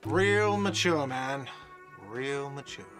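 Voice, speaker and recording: A man's voice: fairly high pitch, very animated, unhurried, over music. A man voicing an irritable, defensive male cafeteria manager in a video game, curt and sarcastic. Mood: irritated, sarcastic.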